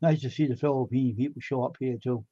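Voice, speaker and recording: A man's voice: mid-range voice, fast. A man hosting a casual livestream, telling a story with lots of laughter and acted-out quotes, and saying he's tired. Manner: animated, acts out quotes, laughs often. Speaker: livestream host. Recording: dull lo-fi stream audio.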